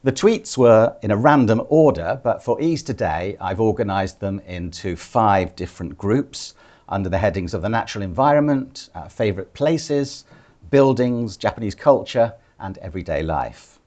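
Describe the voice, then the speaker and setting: An older man from Britain gives a relaxed public talk, telling anecdotes with a dry, understated wit. His voice sits fairly low, and he tells each story at an unhurried pace. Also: dull audio. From United Kingdom. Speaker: guest speaker, former ambassador.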